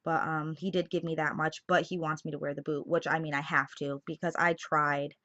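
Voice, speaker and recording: Young woman telling a story to her camera, lots of likes and ums, kinda lowish voice. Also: level tone, a little fast, a bit bright. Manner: chatty storytelling, many fillers, laughs through it. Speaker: vlogger. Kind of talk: casual vlog chat to camera. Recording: slightly dull lo-fi sound.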